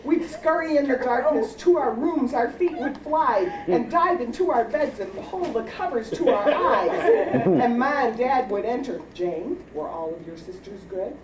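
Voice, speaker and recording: A woman's voice: sits high, measured pace, hardly any pauses, a crowd in the background. Woman reciting a comic poem, home video. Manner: animated, breaking into laughter and acting out shouted quotes. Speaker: family member reading her own poem at a birthday party. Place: home birthday party. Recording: echoey, distant home video with background noise.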